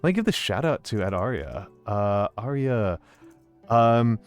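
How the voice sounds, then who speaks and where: Pitched fairly low and expressive, his voice moves at an unhurried pace as he plays a game on stream and talks with viewers. Fillers and false starts crop up constantly, though he greets chat warmly. Faint music sits behind him.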